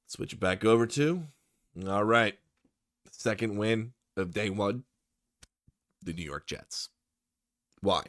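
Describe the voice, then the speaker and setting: A man's voice: on the low side, no echo, studio quality. A man giving casual, opinionated commentary on football draft picks, talking straight to his viewers, tired late at night. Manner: opinionated, excitable, talks to the viewer. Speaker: sports YouTuber.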